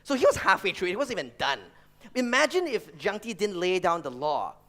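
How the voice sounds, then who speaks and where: Brief: animated male speaker, high and bright, swoops a lot, storytelling to founders. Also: brisk. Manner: animated storyteller, acts out voices, laughs often. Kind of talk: motivational talk with stories.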